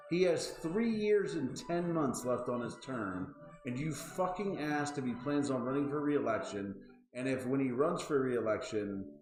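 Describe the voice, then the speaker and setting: A man's voice: medium pitch, reverberant, rough recording. A man in his thirties hosting a casual chat show, ranting with lots of swearing and exasperation. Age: 30s. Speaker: podcast host.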